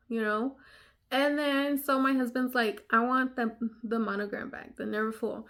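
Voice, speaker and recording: A woman's voice: a little high, measured pace, fairly bright tone. A young woman vlogger telling a story in casual chat, talking straight to her viewers with lots of fillers. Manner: chatty, many fillers like "you know".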